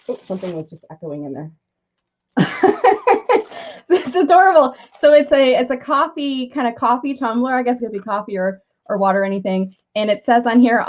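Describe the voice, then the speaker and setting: A middle-aged woman chatting on a live video, gushing and effusive as she opens a gift box. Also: a little high. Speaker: marketing consultant unboxing a gift on a live video. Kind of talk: impromptu live unboxing chat. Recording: slightly dull lo-fi audio.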